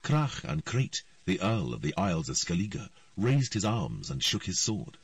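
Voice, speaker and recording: A man with a low voice narrating an audiobook, his pitch rising and falling expressively. The recording is dry, with no room sound, and he sits a bit back from the mic. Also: no echo, recorded from a distance. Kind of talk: scripted narration.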